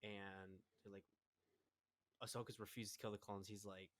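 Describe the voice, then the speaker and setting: A man's voice: fairly low pitch, flat delivery, normal speed, a bit bright. A young man co-hosting a podcast in casual fan discussion, recapping scenes at length and stopping to correct himself. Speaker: podcast co-host.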